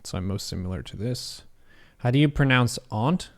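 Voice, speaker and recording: A man's voice: medium pitch, lively intonation, normal speed. A young American man casually reading quiz questions aloud on a live stream, joking and swearing as he answers. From United States.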